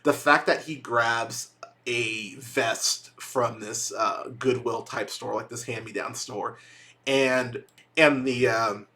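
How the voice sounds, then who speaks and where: A young man hosts his own movie review podcast alone in casual, unscripted talk. His voice is bright and forward, and he rambles through the points with frequent restarts and plenty of cursing. He sounds exasperated, with a joking edge. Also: medium pitch, steady tone, takes it slowly.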